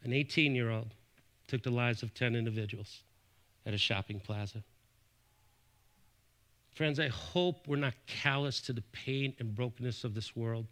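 A man's voice: normal speed, pauses often. A middle-aged man from Buffalo, New York, preaching a sermon, his voice rising and dropping sharply as he makes his points. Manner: animated preaching, rising and falling in pitch and volume. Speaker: pastor.

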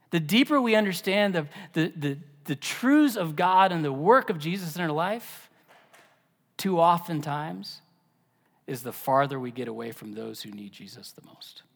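A man preaching a sermon as pastor, animated, dropping to a whisper for emphasis. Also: fairly high pitch, measured pace, gravelly, big-room sound. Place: church.

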